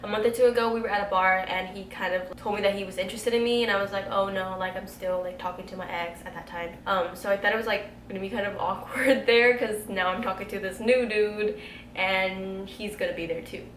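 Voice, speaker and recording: A woman in her twenties chatting casually to camera, telling a storytime tale, animated and full of "like.". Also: mid-range voice, a little fast, recorded from a distance. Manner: chatty, animated, heavy use of "like". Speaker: beauty vlogger telling a story. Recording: echoey room, faint background hiss.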